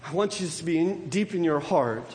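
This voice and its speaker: High-voiced man preaching in a reverberant hall. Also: expressive, normal speed, a little mellow. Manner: preaches with frequent rhetorical questions. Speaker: pastor. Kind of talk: sermon.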